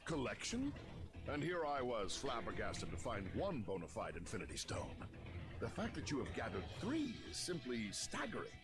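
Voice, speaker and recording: Nightcrawler, a German-accented courtly mutant. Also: male voice, mid-range voice, wildly swooping pitch, normal speed. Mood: earnest. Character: courtly blue-furred male mutant teleporter. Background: game music.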